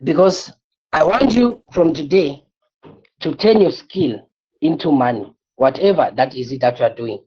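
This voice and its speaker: A woman's voice: sits low, lively intonation, moderate pace, warm tone, slightly rough, muffled recording. A woman teaching an online class, lecturing with energy, repeating her points and asking the listeners rhetorical questions.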